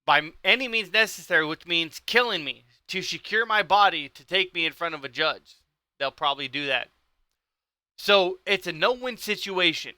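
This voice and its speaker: High, sharp-voiced man ranting. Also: moderate pace, dry recording. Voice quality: intense, heated, ranting. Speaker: livestream host. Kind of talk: livestream talk.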